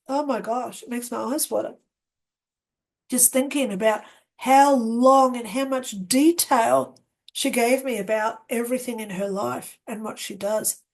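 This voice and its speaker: Woman, slow earnest storyteller, slightly high voice, re-enacts remembered dialogue. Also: a little mellow. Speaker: near-death experience guest. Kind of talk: personal storytelling. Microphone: webcam setup with ring light.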